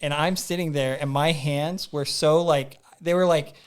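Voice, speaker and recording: A man telling a story as a podcast guest in a casual, animated way, acting out his own thoughts and using lots of fillers. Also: fairly high pitch, unhurried, clean tone. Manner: frequent "like" fillers and repeats.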